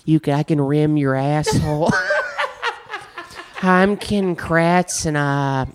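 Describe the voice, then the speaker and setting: A man doing a crude parody impression of a lewd, bumbling middle-aged male prosecutor, speaking slowly and drawing out his words. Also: a little high, huge pitch swings, background noise, exaggerated voice. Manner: slow, drawn-out, crude parody delivery.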